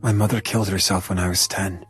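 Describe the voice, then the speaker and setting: A guarded young woman carrying grief, confessing in a quiet, halting way, as a man reads her part. The voice stays husky and lowish. It is storybook audiobook reading. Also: faint music behind, close to an everyday voice. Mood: subdued.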